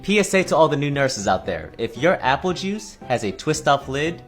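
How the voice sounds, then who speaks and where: Wry deadpan man telling stories. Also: on the high side, moderate pace, soft background music. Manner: wry, deadpan reactions between read-out stories. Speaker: TikTok creator reading and reacting to stories. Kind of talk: comedic storytelling with asides.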